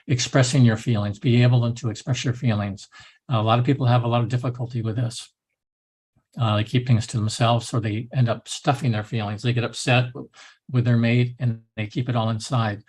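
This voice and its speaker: Husky man giving a rambling lecture. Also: mid-range voice, darkish tone. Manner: loose, rambling, with many restarts. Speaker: instructor. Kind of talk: recorded lecture.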